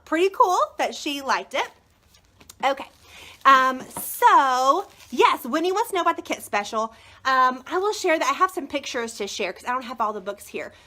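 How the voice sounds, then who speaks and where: A high-pitched, bright-toned woman chats casually on a live stream about children's books she sells. She gushes with enthusiasm and rambles from point to point, stopping for fillers along the way. Her voice is light, lifted and sharp. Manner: gushing, enthusiastic. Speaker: children's book consultant.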